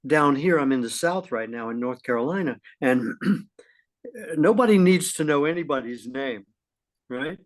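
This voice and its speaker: Chatty middle-aged man clearing his throat. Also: medium pitch, moderate pace. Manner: lively, folksy, frequent throat clearing. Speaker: podcast co-host. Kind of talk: casual conversational chat.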